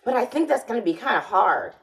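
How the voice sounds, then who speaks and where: A woman's voice: fairly high pitch, very animated, fast talker, low-quality recording. A woman vlogger in a casual monologue, rambling and sardonic, often restarting her sentences.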